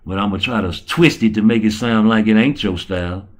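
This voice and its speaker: A male show host chats in casual slang, speaking low and fast, then croons slow love songs in a higher register.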